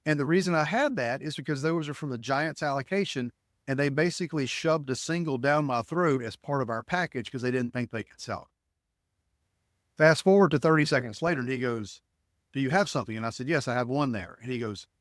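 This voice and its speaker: Animated middle-aged man telling a story. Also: medium pitch, no echo, studio quality. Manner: animated storyteller acting out quoted voices. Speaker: podcast guest, ticket broker. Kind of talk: storytelling in conversation.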